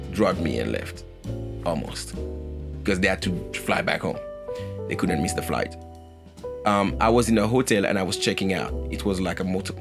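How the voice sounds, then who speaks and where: A man's voice: sits low, vocal fry. A man in his forties from France, speaking English with a French accent, telling a meandering story in a documentary interview. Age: 40s. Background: guitar music.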